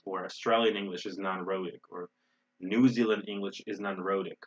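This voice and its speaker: An American man teaching English in an online webinar, explaining in a relaxed way with many fillers and restarts. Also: low-pitched, normal speed, lo-fi sound. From United States.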